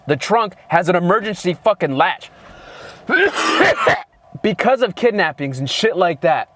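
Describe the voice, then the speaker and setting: A man co-hosting a casual movie review, ranting sarcastically with constant swearing and exasperation. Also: fairly high pitch. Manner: heavily profane, exasperated, sarcastic. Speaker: movie reviewer, channel co-host.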